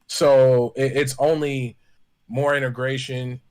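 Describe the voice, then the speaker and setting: A man on a casual panel chat, talking in a relaxed, conversational way. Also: mid-range voice, takes it slowly, smooth. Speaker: podcast panelist.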